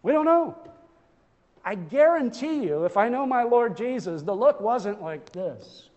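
Male pastor, high voice, fervent sermon delivery, reverberant sanctuary. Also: animated, measured pace, a little mellow, muffled recording. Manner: impassioned preaching with rhetorical questions and repetition.

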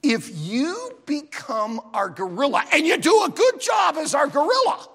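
A man's voice: very high voice, very animated, unhurried, a bit bright, pitched above the performer's own voice, exaggerated voice. A man voicing a blunt male circus manager, curt and matter-of-fact, with long hall reverb. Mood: businesslike. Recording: long reverb of a large auditorium.

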